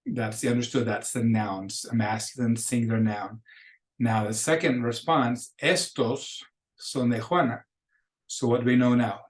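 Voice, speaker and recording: A middle-aged man giving a recorded language lecture, explaining grammar in a casual, chatty way and often correcting himself mid-sentence. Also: mid-range voice. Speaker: Spanish teacher.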